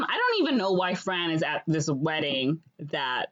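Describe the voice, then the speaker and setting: A young woman co-hosting a podcast, casually recapping a movie with lots of fillers and quick acted-out lines. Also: low-pitched, big pitch swings, fairly bright tone, highs cut off. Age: young adult. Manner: rambling, acts out characters' lines in quick voices. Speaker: podcast co-host.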